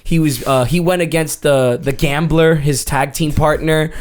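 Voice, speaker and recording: A fairly high-voiced man spins a rowdy story on a casual podcast. He swears freely and acts out what others said, jumping into shouts and bursts of laughter. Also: fairly even intonation, a little slow, noisy background. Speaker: podcast co-host.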